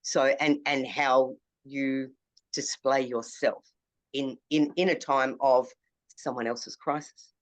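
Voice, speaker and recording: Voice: medium pitch, steady tone, takes it slowly. A youth work trainer giving a conversational classroom lecture, repeating key phrases for emphasis. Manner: down-to-earth, conversational teaching.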